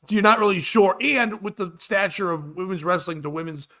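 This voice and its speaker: A man's voice: high voice, brisk, a crowd in the background. A man hosting a casual comedy talk show, joking crudely and laughing often. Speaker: host. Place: live-streamed show.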